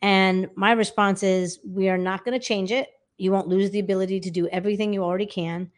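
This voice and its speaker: A woman vocal coach, a guest in a casual interview, explaining with animated talk and quick sung examples. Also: mid-range voice. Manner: animated, demonstrates by singing snippets.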